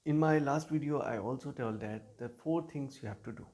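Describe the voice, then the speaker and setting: A man's voice: medium pitch, normal speed, darkish tone. A man, coaching learners in an earnest, emphatic teaching monologue. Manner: earnest, emphatic advice with frequent repetition and restarts. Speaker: English speaking coach.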